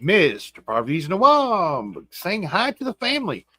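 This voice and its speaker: A man's voice: sits high, wildly swooping pitch, measured pace, pushed and bright, no echo. A man with a West Virginian accent hosting a casual livestream, greeting viewers by name with a groggy morning voice. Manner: folksy, reads out and greets chat names. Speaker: livestream host. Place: home room.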